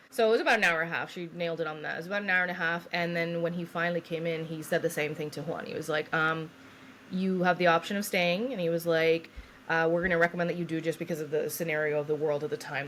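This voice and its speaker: Woman in her thirties, lowish voice, animated casual storyteller, faint room hum. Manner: animated storyteller acting out quoted people, laughs often. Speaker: podcast co-host.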